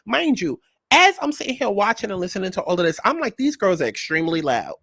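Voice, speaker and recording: A man hosting a reality TV recap, talking in a sassy, animated and profane way and repeating his punchlines. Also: high-pitched, fast, gravelly, no room sound. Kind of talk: casual commentary.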